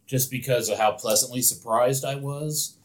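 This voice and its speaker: A man's voice: medium pitch, moderate pace. An opinionated man co-hosting a casual podcast, often restarting his sentences. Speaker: podcast co-host. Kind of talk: casual chat.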